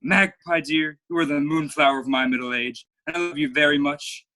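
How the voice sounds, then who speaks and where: Young man acting out a vain showy playwright, bright forceful voice, florid, video call. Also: fairly high pitch, brisk. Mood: grandiose. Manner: grandiose, florid delivery. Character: flamboyant vain male playwright, theatrical and witty. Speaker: student actor. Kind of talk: school play over video call.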